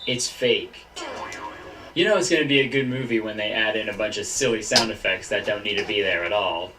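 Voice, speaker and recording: A young man giving jokey, animated commentary on memes, laughing often as he goes. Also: on the low side, fairly quick, echoey room, recorded from a distance, heavy background noise. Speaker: YouTuber. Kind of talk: casual meme commentary.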